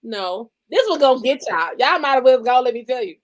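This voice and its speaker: A woman's voice: sits high, expressive, fairly quick, low-quality recording. A woman chatting casually as a guest, playful and laughing often. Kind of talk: casual chat.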